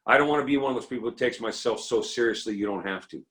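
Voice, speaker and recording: A middle-aged man speaking at a recovery meeting, telling comic stories with lively, acted-out quotes. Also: rapid-fire. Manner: animated storyteller, acts out quotes in a higher voice. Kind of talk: comedic recovery talk.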